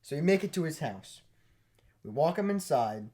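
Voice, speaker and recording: A young man co-hosting a podcast, telling a story in a casual, animated way and laughing as he goes. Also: a little high, moderate pace. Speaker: podcast co-host.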